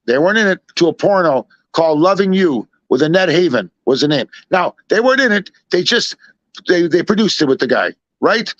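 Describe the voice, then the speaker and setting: Guy from chicago rambling thru an old story, kinda high voice, muffled lo-fi sound. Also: brisk, no echo. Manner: rambling, animated retelling with many asides. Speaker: storyteller guest. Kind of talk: casual anecdote telling. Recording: dull lo-fi dry recording.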